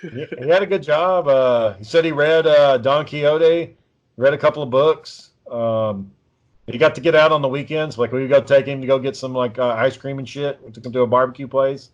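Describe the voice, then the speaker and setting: A man's voice: mid-range voice, normal speed. Profane rambling man, lo-fi sound. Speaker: podcast co-host. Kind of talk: casual storytelling chat. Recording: dull lo-fi recording.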